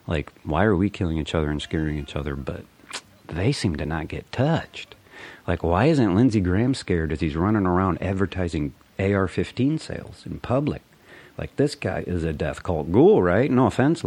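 Gruff, profane man ranting. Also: deep voice, dark tone. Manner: profane, rambling, sarcastic. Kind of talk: ranting political monologue.

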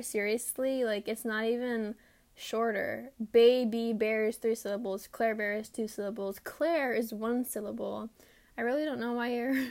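A woman's voice: on the high side, vocal fry. A young woman hosting her own podcast alone, rambling casually and mocking herself with lots of fillers. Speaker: podcast host. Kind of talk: casual solo podcast chat. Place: her room.

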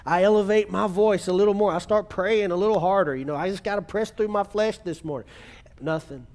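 A man preaching a sermon in church, earnest, slowing down to stress key words and calling on the congregation to repeat after him. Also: high voice, darkish tone. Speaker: pastor.

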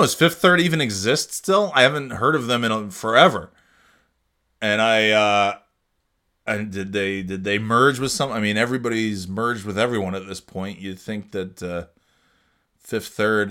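This man's voice sits fairly low and comes across pushed and bright. He's hosting a solo podcast, ranting in a rambling, profane monologue and restarting his sentences often.

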